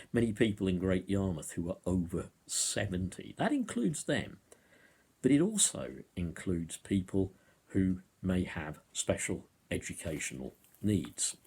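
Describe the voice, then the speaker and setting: Low-voiced, husky man rambling to camera. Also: a little mellow. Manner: rambling, with hesitant fillers. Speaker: vlogger. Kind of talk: monologue to camera. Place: indoors at home. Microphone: camera in front of him.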